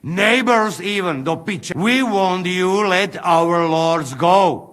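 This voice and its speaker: A man's voice: high-pitched, slow, fairly bright tone. An actor voicing a blunt male mercenary with a Slovak accent who speaks broken English in a video game. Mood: persuasive.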